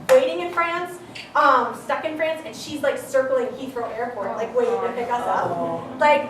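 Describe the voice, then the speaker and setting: A young woman with a high voice tells a comic story on stage, animated and full of "like" and casual swearing. Her voice bounces around a big echoey hall, picked up from far off with faint noise behind. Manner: animated, heavy use of "like", swearing. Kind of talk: live comedic storytelling. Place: live venue.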